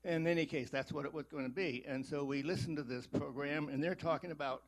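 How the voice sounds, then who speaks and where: An elderly man in his eighties asking a question from the audience, hesitant and clearing his throat as he works through a long setup. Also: fairly high pitch, steady tone, a little fast, low-quality recording. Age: 80s. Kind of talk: spoken question from the floor.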